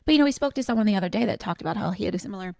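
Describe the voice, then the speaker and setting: Passionate woman with a gravelly edge. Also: medium pitch, expressive, rapid-fire, a little mellow, no room sound, studio quality. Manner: passionate, earnest storytelling. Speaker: podcast co-host. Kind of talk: reflective conversational podcast talk.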